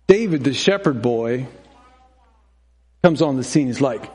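A man's voice: medium pitch, normal speed, a little mellow. A middle-aged male preacher giving a sermon, telling stories and acting out the people in them, with frequent self-questioning asides. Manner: storytelling, acts out voices, self-questioning asides.

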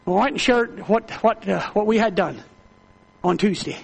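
A man's voice: high-pitched, normal speed, vocal fry, breathy edge. A middle-aged man, a prison minister, telling a testimony sermon with fervent, emotional storytelling and repeated phrases.

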